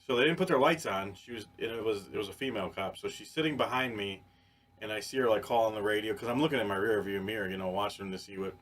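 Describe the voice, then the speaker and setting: A man on a podcast telling a story in casual chat, animated and profane, with many restarts. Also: on the low side, fast. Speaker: podcast co-host.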